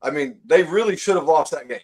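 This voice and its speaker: A man's voice: on the high side, lively intonation, a little fast, darkish tone. A man co-hosting a casual sports talk show, teasing and arguing with his friends. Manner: teasing, argumentative. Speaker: podcast co-host.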